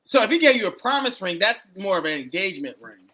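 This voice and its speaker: A man hosting a live-streamed dating interview, chatty and quick to react, repeating the guest's answers back to him over a video call. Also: high voice, sing-song, pushed and bright. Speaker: dating coach and show host.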